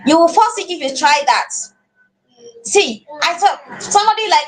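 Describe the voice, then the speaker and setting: Nigerian woman teacher, high animated voice, earnest, repeats words mid-thought. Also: normal speed. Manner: earnest, repeats words while finding phrasing. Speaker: parenting class teacher. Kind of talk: live online class.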